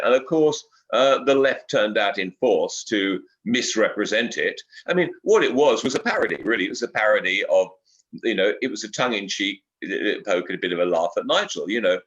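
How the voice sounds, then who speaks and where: A man's voice: fairly low pitch, a bit bright. Older man chatting, slightly muffled. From England. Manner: rambling, with frequent fillers and repeated words. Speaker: guest broadcaster. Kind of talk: casual interview chat. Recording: slightly dull lo-fi audio.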